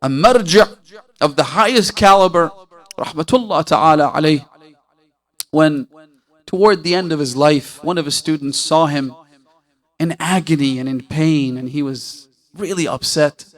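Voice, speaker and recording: A man preaching a sermon, telling stories with passion and asking his listeners rhetorical questions. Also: unhurried. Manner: impassioned storytelling, asks listeners rhetorical questions; voice swells loud and high at emotional peaks.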